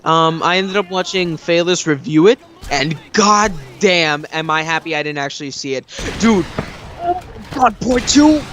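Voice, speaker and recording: A young man with a fairly high voice talks excitedly and rambles, packing his sentences with fillers. It is a casual gameplay chat, with faint noise underneath. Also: unhurried. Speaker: co-host of a gameplay video.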